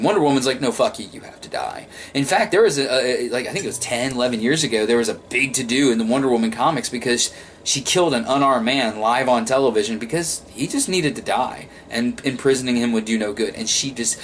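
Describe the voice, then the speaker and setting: A man talks through a film review in a loose, rambling way. He swears freely and often trips over his words before starting again, in a voice of ordinary pitch. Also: a little hiss or hum. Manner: rambling, profane, frequent restarts. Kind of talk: casual film review monologue.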